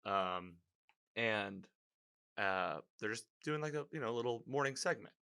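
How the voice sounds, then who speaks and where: A man casually recapping a TV episode, rambling with many fillers and animated reactions. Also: lowish voice, measured pace, vocal fry, clear, resonant tone.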